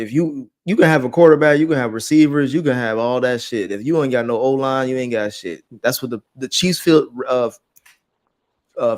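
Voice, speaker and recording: A man co-hosting a casual sports talk show, cursing freely and laughing through banter about the draft. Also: medium pitch. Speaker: sports podcast co-host.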